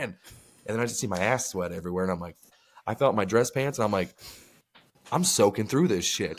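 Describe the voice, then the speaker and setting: A man's voice: lowish voice, a little fast, breathy edge. A man co-hosting a podcast, telling rambling, profane stories in casual chat. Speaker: podcast co-host.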